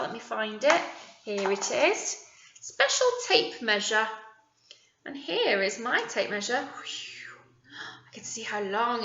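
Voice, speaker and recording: A woman teacher with a British accent leading a young children's phonics lesson, modelling words slowly and encouragingly. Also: fairly high pitch, pushed and bright, slight background noise. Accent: British English. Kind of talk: early years phonics lesson. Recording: echoey room, dull lo-fi sound.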